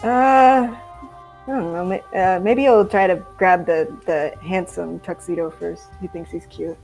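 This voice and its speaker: A young woman game master narrates a tabletop session at an unhurried pace. She stumbles over words with frequent ums and laughs at her own slips. Faint background music sits under her voice. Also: lowish voice, steady tone, creaky, darkish tone. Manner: giggly, halting narration with many ums.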